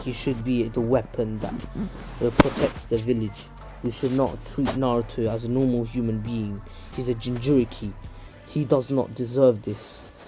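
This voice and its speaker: A man voicing a scheming older ninja elder in a fan story, cold, quiet and low. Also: fairly even intonation, normal speed, over music, natural voice, low-quality recording.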